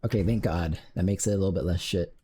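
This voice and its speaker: A man's voice: low voice, fast talker, warm tone, a little hiss or hum. A man streaming his game development, muttering to himself while coding and cursing when things break. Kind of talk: casual live-coding commentary.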